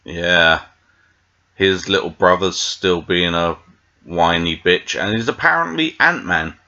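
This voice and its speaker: A man's voice: deep voice, takes it slowly, pushed and bright, lo-fi sound. A British man reviewing a TV episode in a meandering, tangent-filled casual chat, full of fillers. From Britain. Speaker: TV show reviewer.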